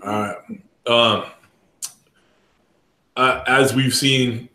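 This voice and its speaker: An easygoing male co-host of a live stream, reading off shout-outs in a relaxed, middle-pitched voice. His voice rings in a roomy, echoey space. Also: drawn-out words. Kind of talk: casual live-stream hosting.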